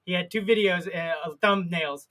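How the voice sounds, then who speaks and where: A man's voice: sits high, moderate pace, bright, forceful tone. A man co-hosting a live stream, chatting in a playful, rambling, jokey way. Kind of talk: casual comedic chat.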